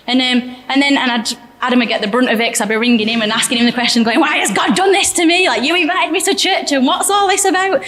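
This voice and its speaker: A woman's voice: on the high side, a bit bright. A young woman giving a candid, chatty personal testimony in church, often laughing. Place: church hall. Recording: echoey church hall reverb.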